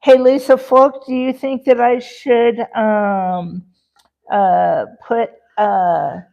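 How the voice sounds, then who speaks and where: A woman's voice: fairly high pitch, steady tone, very slow, gravelly, warm tone, lo-fi sound. A woman hosting a casual cooking livestream from her home kitchen, chatty and rambling, full of fillers and talking to her chat. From Rocky Mountains, USA. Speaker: livestream host.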